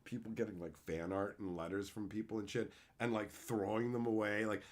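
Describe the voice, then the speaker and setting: Guy streamer chatting with his viewers, swearing a lot, joking around, animated. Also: fairly low pitch, brisk. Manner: crude, joking, swears freely. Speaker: streamer answering chat. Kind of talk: casual livestream chat.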